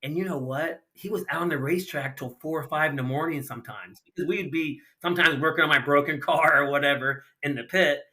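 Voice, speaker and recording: A man's voice: on the high side, quick pace, few pauses. A middle-aged man from Ohio, a retired racer, telling casual stories on a podcast and acting out the dialogue of the people in them. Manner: animated anecdotes with lots of acted-out dialogue and casual slang. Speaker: guest, retired sprint car racer. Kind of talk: casual storytelling in a podcast interview.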